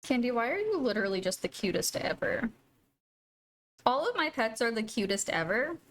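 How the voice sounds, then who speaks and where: A woman's voice: on the high side, big pitch swings, normal speed, fairly bright tone. A woman live-streaming a video game, chatting casually with viewers and gushing over her pets. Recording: faint music behind.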